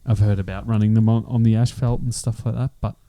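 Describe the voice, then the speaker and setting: A man co-hosts a podcast, speaking in a measured, practical, explanatory way. His voice is low and very dark. The recording is dry. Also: little pitch movement, dry recording. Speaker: podcast co-host. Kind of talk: casual podcast chat.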